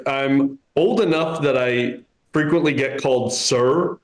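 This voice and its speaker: A man's voice: medium pitch, unhurried. A man in his thirties performing a stand-up comedy set in a club, with a dry, self-mocking delivery. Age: 30s. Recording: roomy club echo.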